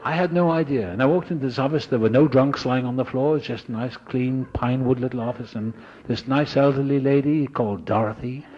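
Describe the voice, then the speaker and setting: A man speaking at a recovery meeting, telling his story in a lively, dramatic way and acting out the voices of other people. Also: mid-range voice, brisk. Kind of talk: storytelling talk. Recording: dull lo-fi recording.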